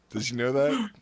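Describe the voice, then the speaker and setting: A man's voice: medium pitch, husky, no echo. A man hosting a podcast in crude, sarcastic casual comedy chat on a close mic. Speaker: podcast host.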